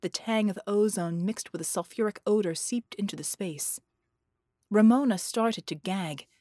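A woman's voice: mid-range voice, normal speed, mellow, no echo, clean studio sound. Woman narrating an audiobook. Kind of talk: scripted narration.

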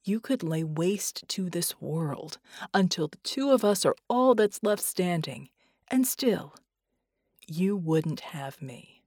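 Woman playing a low-voiced, quiet, determined wounded man, slow, dry. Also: lively intonation, no room sound, heavily acted.

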